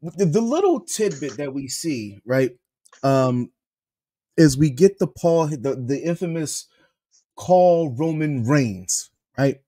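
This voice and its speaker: Animated man with a higher voice. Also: measured pace. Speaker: wrestling review co-host. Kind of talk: casual podcast chat.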